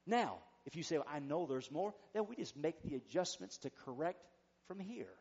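Male pastor, high voice, fervent call-and-response preaching, slightly dull lo-fi recording. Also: big pitch swings, normal speed, a little mellow. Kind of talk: sermon.

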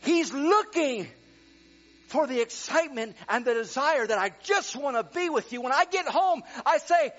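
A middle-aged male pastor preaching a sermon, animated, swinging from quiet talk to excited near-shouting. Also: very high-pitched, moderate pace. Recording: dull lo-fi sound with mains hum.

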